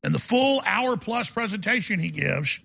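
A man hosts a talk show in an emphatic, rambling monologue. His voice sits high and rough with heavy gravel, and it has a husky edge. He often stumbles back over his own words. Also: expressive, normal speed, pushed and bright. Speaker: show host.

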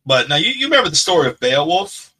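Guy with a bright voice ranting on a podcast, swears a lot, rambles. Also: a little high, sing-song, fast, rough recording. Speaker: podcast co-host. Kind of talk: casual chat.

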